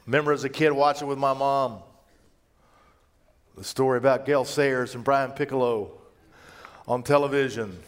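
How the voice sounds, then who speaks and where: A middle-aged man preaching a conversational sermon as a pastor, telling personal stories and moving between hushed and raised delivery. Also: mid-range voice.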